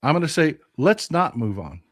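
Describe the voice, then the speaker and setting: A Texan man hosts a political commentary vlog, speaking in an impassioned, blunt and profane way and repeating phrases for emphasis. His voice is a little high and fairly bright, very animated, at a moderate pace.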